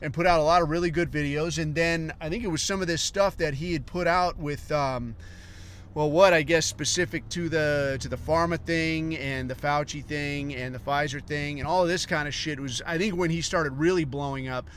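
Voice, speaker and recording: A rambling, profane man rants casually on his podcast, his voice sitting a bit higher than most men's. He drifts between thoughts and mocks people he talks about. A faint hiss runs under the recording. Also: steady tone, moderate pace, fairly bright tone. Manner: rambling, profane, mocking impressions of others. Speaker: podcast host. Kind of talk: profane ranting commentary.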